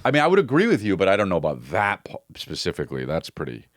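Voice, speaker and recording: A man co-hosting a podcast, in casual, rambling chat with lots of halting restarts. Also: low voice, huge pitch swings, no echo, clean studio sound. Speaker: podcast co-host.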